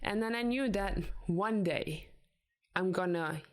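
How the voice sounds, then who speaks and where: A woman's voice: medium pitch, takes it slowly. A woman co-hosting a podcast, chatting candidly and acting out the lines she quotes. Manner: candid, animated retelling with acted-out quotes. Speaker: podcast co-host. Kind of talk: casual chat.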